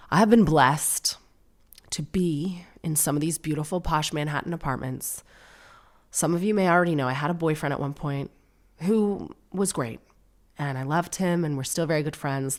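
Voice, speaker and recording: A woman in her thirties hosting a podcast, chatting casually and sardonically, with mocking put-on voices. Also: low voice. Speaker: podcast host. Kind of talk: casual solo comedy chat.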